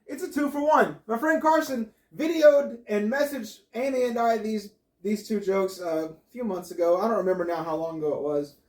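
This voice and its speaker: Guy with a high voice telling jokes, animated, echoey room. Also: moderate pace. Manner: animated storyteller. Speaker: host. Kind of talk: casual joke telling.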